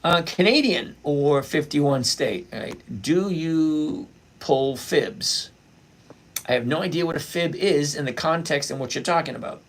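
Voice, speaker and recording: A middle-aged livestream host reads chat during a casual stock-trading broadcast, saying hello to viewers by name and fielding questions. He talks at a measured pace with a voice on the high side.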